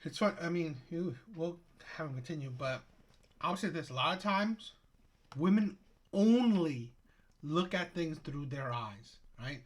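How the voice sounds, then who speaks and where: A man co-hosting a podcast, with a voice a little higher than most men's. He lectures emphatically and leans on sweeping generalizations. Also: lively intonation, unhurried. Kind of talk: panel commentary.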